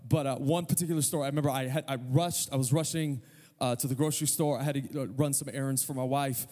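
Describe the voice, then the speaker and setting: A middle-aged male pastor preaching a sermon, telling a story with self-deprecating humor and quick asides. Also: medium pitch, fairly even intonation, a little mellow, in a large hall.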